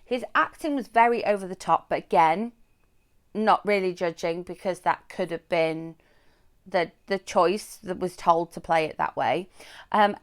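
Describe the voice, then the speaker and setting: Woman rambling through a movie review, lowish smooth voice, lots of ums. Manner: chatty, rambling, frequent ums and likes. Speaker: book and film reviewer. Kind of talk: casual spoken review.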